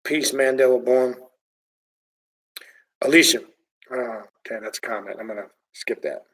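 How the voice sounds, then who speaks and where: A man hosting a livestream, reading viewer comments and ranting in an excitable, animated, profane way. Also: mid-range voice, normal speed, husky, distant mic, rough recording. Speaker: occult channel host reading viewer comments.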